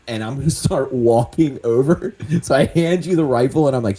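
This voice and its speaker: A man's voice: mid-range voice, moderate pace, hardly any pauses, warm tone. A man playing his character in a tabletop role-playing game, talking animatedly, laughing and swearing. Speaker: player.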